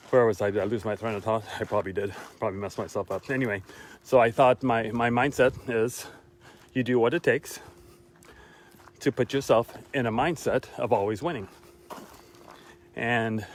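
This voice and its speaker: A tired, winded man talking casually while walking outdoors, repeating his key lines for emphasis with pauses. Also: mid-range voice. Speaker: motivational vlogger. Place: outdoors on a walk.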